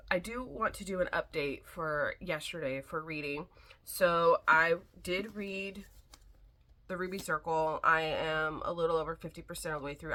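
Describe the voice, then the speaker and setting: A young woman with a slightly low voice chats frankly to a camera at home. She talks in a loose, conversational way and sounds a little worn down. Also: pushed and bright. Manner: chatty, frank, a little frustrated. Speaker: vlogger. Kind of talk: casual reading vlog.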